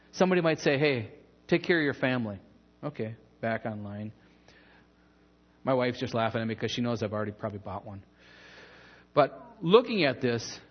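A pastor preaching a sermon in a church in a conversational, animated way, with asides and bits of humor. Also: male voice, sits high, husky, big-room sound, dull audio.

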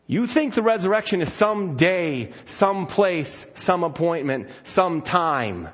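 Husky, lively male preacher. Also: high voice, slow, hardly any pauses, lo-fi sound. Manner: storytelling, playful asides. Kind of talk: sermon.

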